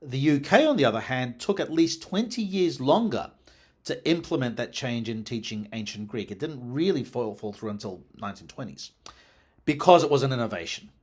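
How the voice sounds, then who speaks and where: A man lectures in a scholarly explanatory style, his pitch rising and falling with lively emphasis. His voice has a husky edge to it. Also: moderate pace. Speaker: lecturer on language history.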